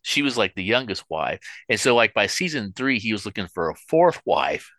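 A man's voice: on the low side, big pitch swings, moderate pace, fairly bright tone, dry recording. A middle-aged man, co-hosting a casual chat and rambling through his stories. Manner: rambling storyteller, full of restarts. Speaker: podcast co-host.

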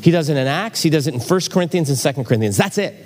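A man's voice: fairly high pitch, expressive, very fast, a little mellow. A man preaching a sermon in a church, telling a story and acting out the voices in it. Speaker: pastor. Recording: church hall reverb, faint ambience.

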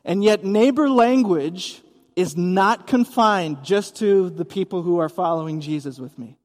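Speaking a little slowly in a high, slightly mellow voice, a man preaches as pastor at a church service in a gymnasium. The large hall shapes his sound as he talks conversationally and asks the congregation questions.

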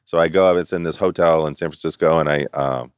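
Speaking fast in an extremely deep voice, a middle-aged man shares a story as an interview guest, often laughing and jumping into the voices of those he quotes. The sound is clean, dry, and close-miked, with no surrounding room.

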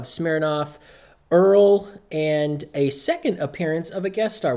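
A man's voice: on the high side, a little mellow. Rambling, swearing male podcast co-host. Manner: rambling, loose, swears freely. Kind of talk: casual podcast chat.

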